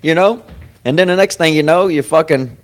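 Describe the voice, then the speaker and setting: A man hosting a podcast in casual chat, rambling and profane, getting louder at times and laughing. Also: fairly high pitch, normal speed. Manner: profane, rambling, swings loud with sudden laughs. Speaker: podcast host. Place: comedy club.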